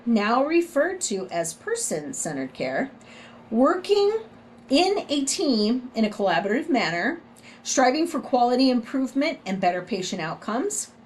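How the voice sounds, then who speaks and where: A little hiss or hum sits under a slightly high female voice. The speaker, a middle-aged Southern US nursing instructor, talks through a recorded lecture in a conversational manner, repeatedly checking in with "right?"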